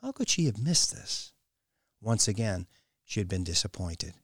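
A man narrating a novel, with an expressive, swooping delivery. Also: fairly low pitch, normal speed, husky, dry recording, studio quality. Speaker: audiobook narrator. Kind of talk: scripted narration.

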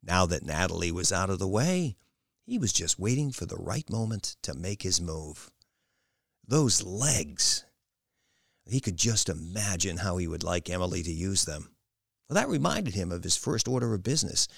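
A man narrating a novel with expressive, lingering storytelling. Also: low voice, moderate pace, creaky, no echo, clean studio sound. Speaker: audiobook narrator. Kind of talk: scripted narration.

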